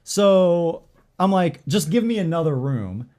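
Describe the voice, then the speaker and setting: A man co-hosting a podcast, telling a story in casual chat, animated, swearing freely and acting out the dialogue with lots of "like". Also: on the high side, a little slow. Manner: filler-heavy, lots of "like" and "I'm like".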